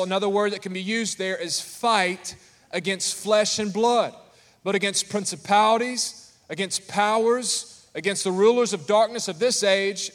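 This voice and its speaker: A male pastor with a high voice delivers a lively, humorous sermon and keeps calling out to the congregation. His voice carries a long reverb from a large church hall. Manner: animated, calls out to the congregation.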